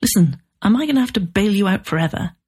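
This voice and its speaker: A woman voicing a pushy male literary agent who sounds shrill, pleading and wound up. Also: expressive, quick pace, a little mellow, breathy edge. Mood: agitated.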